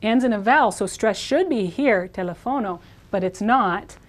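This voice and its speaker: A woman teaching a recorded language lesson. She explains the rules step by step and says each example word slowly and carefully. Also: on the high side, animated. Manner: slow, careful pronunciation drills. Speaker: Spanish teacher.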